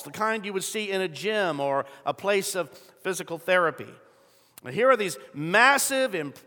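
Bright-voiced preacher in a reverberant hall. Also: male voice, high voice. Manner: storytelling preacher who builds to loud emphatic peaks; clears throat often. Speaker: pastor. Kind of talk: sermon. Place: large church sanctuary. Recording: long reverb of a large hall.

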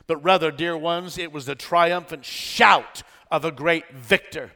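A middle-aged male pastor preaching a sermon, dramatic, swinging from shouts to hushed tones. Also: on the high side, unhurried, gravelly, in a large hall.

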